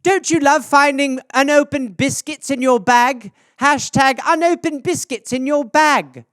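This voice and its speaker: A man's voice: very high-pitched, a bit bright, no echo, studio quality, pitched above the performer's own voice. A man putting on a chirpy mum. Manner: sing-song, drawn-out hashtag readings. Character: chatty British mother, cheerful and mundane.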